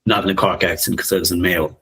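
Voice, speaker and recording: A man in his fifties, co-hosting a podcast in a reflective, musing conversational way, soft-spoken and often laughing. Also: low voice, fairly even intonation, quick pace, breathy edge. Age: 50s. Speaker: podcast co-host.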